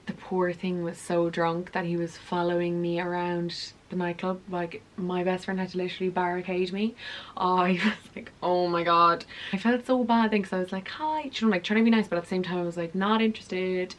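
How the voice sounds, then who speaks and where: A young woman tells a story to camera in a chatty, animated way and acts out the dialogue. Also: fairly low pitch, moderate pace. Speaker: vlogger.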